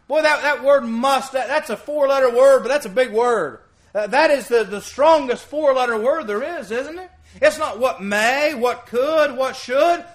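Bright high-voiced man preaching earnestly. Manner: earnest, emphatic, quotes scripture, rhetorical questions to the congregation. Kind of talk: evening sermon. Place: church.

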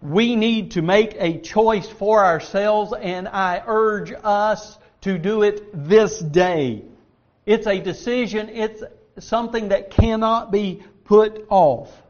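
A man preaching a sermon, stressing key words loudly and dropping to quiet asides. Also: high-pitched, takes it slowly, highs cut off. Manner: emphatic, swings between loud stress and quiet asides.

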